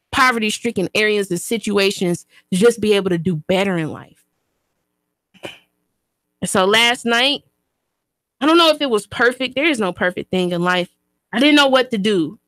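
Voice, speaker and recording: A woman's voice: mid-range voice, a bit bright, dry recording. A woman hosting a radio talk show, speaking as an activist in an impassioned, emphatic way, often repeating her phrases like a preacher. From Chattanooga, Tennessee, US. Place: radio studio.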